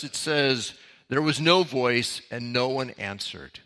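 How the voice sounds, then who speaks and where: A man's voice: mid-range voice, expressive, a little slow, sharp tone. A man preaching a sermon, reading verses aloud and explaining them with casual asides. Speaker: pastor.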